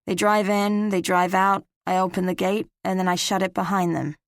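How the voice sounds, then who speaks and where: A man's voice: sits high, flat delivery, normal speed, smooth, no room sound, clean studio sound. A woman voicing a surly, curt young male security guard who answers in blunt, dismissive lines. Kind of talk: audiobook character reading.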